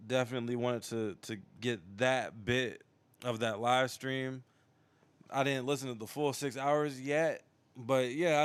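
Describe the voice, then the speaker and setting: A man hosting a livestream show, giving casual commentary in a relaxed, hesitant way with many restarts. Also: medium pitch, clear, resonant tone, dry recording.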